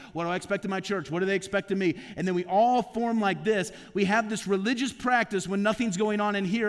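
Male pastor with a high voice, preaching conversationally in rapid rhetorical questions, long church-hall echo. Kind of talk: conversational sermon. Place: church sanctuary.

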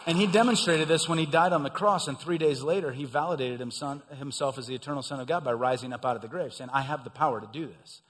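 A middle-aged man preaching a sermon, swelling into emphatic passages and then dropping quiet and low. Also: quick pace, hardly any pauses, long reverb tail. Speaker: pastor.

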